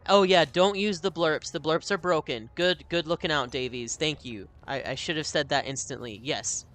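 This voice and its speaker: A man chatting and joking through live gameplay commentary, quick to laugh at his own losses. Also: fairly high pitch, a bit bright. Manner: chatty, joking, self-deprecating. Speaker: streamer.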